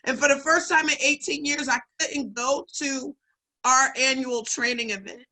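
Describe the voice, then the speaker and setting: Woman telling her story w/ lots of feeling, high bright voice, gets worked up then drops soft. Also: normal speed, low-quality recording. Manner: heartfelt, builds up to excited retelling then hushed. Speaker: speaker introducing the host. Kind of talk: emotional personal testimony.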